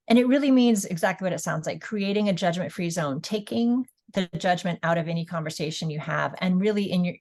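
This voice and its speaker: A woman on a webinar panel, giving earnest advice with many fillers and restarts. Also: fairly low pitch. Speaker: panelist, author.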